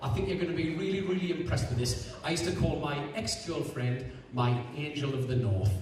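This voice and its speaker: A man with a Geordie accent, a stand-up comedian firing off quick one-liners and bantering with his audience at a live show. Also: a little high. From Newcastle, England. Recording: echoey hall, mic far, audience noise.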